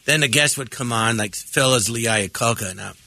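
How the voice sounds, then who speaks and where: A man, a comedian guest in a radio studio, telling stories casually and acting out quoted dialogue in soft put-on voices. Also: mid-range voice, normal speed, dry recording. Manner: acts out dialogue, slips into soft breathy character voices. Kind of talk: casual storytelling on a radio show.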